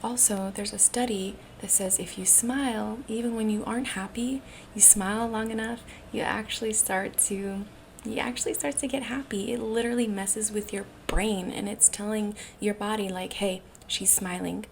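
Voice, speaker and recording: A woman giving a self-help talk, speaking slowly and deliberately, often dropping into a breathy near-whisper. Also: mid-range voice, fairly even intonation, a little hiss or hum. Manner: demonstrates different ways of speaking.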